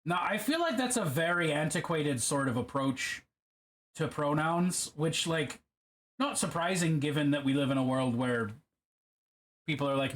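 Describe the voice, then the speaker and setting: A man hosts a miniature-painting livestream in a deliberately put-on Irish accent. His voice sits a little high for a man. He chats loosely and swears freely as he answers viewers. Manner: chatty and profane, reading and answering chat. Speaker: livestream host. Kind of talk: casual chat while miniature painting on a livestream.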